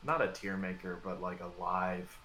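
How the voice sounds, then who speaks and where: A podcast co-host chats casually about a tabletop miniatures game, offering firm advice in a loose, conversational way full of filler words. His voice sits low at a moderate pace, in an echoey room with crowd noise.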